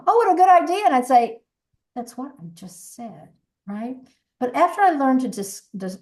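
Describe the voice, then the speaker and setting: A woman in her sixties who works as a voice coach speaks with a medium pitch and a darkish tone, earnest and reflective as a podcast guest. The conversational interview features many restarted sentences.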